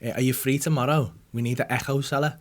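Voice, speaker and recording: A comedian and podcast host talks fast in a mid-range voice, telling a profane story to a studio audience. He's animated, performing the other characters' quotes as he goes.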